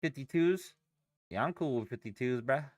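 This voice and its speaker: A man's voice: mid-range voice, animated, normal speed, no echo, studio quality. A young man chatting casually on a live trading stream, swearing and rambling as he reacts to chat and charts. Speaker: livestream day trader.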